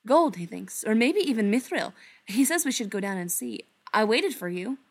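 A woman plays a carefree young man in a storybook reading, bouncing with excitement. He talks up brightly and eagerly, a little higher and louder than the narration around him. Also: normal speed. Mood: excited.

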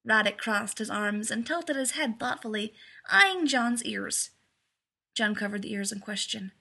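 A woman narrating a fan fiction story aloud in a lively, amused way. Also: fairly high pitch, unhurried, vocal fry, husky.

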